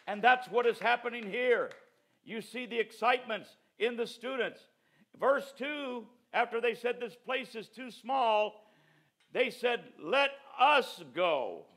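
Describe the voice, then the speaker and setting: Male preacher, graduation sermon, high-pitched, fervent delivery. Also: expressive, slow pace. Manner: fervent, building to shouts.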